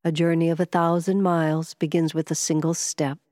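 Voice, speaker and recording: A serene, wise male doctor speaks calmly and reassuringly, as a woman reads him aloud. Her voice stays low and close to the mic. A long reverb tail lingers behind it. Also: a little fast, lightly acted. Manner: calm, gently reassuring.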